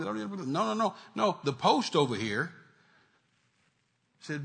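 A man preaching a sermon in an emphatic, repetitive style that builds to loud declarations. His voice sits a little high for a man. He drives his points home by repeating them. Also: expressive, moderate pace.

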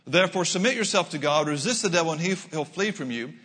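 An American man preaching a sermon in a church, telling stories with quick asides and animated delivery. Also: on the high side, husky, big-room sound. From United States. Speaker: pastor.

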